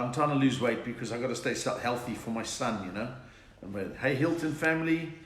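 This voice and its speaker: An older South African man, a comedian, telling jokes and reading viewer comments in a live chat from home. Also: medium pitch. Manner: chatty, joke-telling, reads out viewer comments. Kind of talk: live-streamed stand-up chat. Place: home room during lockdown. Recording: echoey room.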